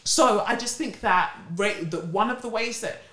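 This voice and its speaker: Woman on a podcast, animated, goes loud then hushed, echoey room. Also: a little high, moderate pace. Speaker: podcast co-host. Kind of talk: casual podcast chat.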